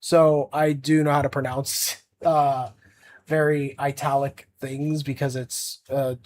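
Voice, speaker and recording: A man's voice: mid-range voice, flat delivery, slow pace, darkish tone, slight background noise. A young man chatting casually on a livestream as an art streamer, rambling with lots of fillers and restarts.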